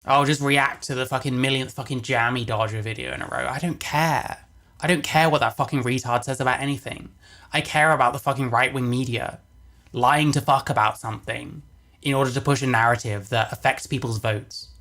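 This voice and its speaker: Reacting to videos on a livestream, a man rants angrily and casually, swearing heavily, sounding exasperated and repeating phrases for emphasis. His medium-pitched voice is brisk, pushed, and bright, with fairly even intonation.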